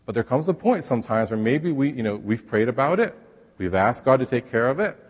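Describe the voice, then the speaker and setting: A man's voice: mid-range voice, sing-song, a little fast. Conversational male pastor, echoing hall. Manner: conversational, acts out quoted voices. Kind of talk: sermon.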